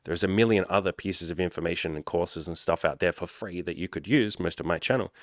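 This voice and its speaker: A man in his thirties, a life coach, giving a blunt, animated motivational talk. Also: deep voice, a little fast, no room sound, studio quality. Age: 30s. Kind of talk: motivational vlog monologue.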